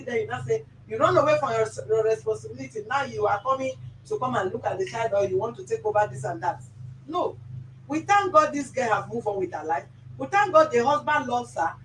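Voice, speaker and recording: A woman's voice: a little high, slight background noise. A Nigerian woman hosting a mediation session, firm and lecturing, giving commands. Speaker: mediator host. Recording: roomy office sound from a distance.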